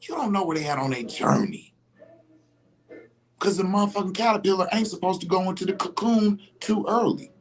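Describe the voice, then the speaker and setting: A man talking in a casual livestream monologue, animated and emphatic, swearing freely. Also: sits high, brisk. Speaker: vlogger.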